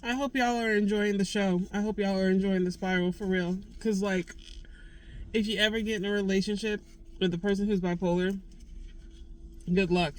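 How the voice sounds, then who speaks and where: A woman's voice: mid-range voice, fairly even intonation, moderate pace, slight background noise, low-quality recording. Young woman venting raw frustration. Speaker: vlogger. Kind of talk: candid personal vlog.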